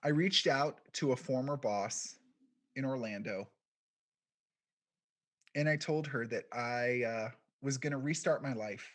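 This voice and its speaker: A man giving a keynote, telling a personal story in a quiet, reflective way with deliberate pauses. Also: mid-range voice. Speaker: keynote speaker, podcast founder.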